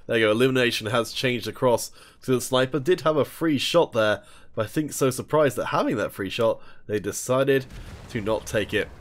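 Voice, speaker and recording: A man's voice: mid-range voice, moderate pace. A man casting an online shooter tournament live, chatting with viewers and reading their messages aloud between plays. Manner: chatty, reads chat aloud and jokes with viewers. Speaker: esports tournament caster. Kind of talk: live game commentary with chat replies.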